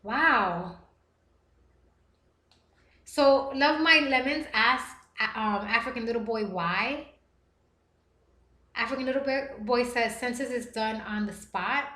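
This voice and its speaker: Woman streamer reading chat out loud, gets worked up, roomy echo. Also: a little high, takes it slowly, long pauses. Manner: emotional, earnest, reads chat messages aloud. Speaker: livestream host reading chat. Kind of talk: casual live-stream talk.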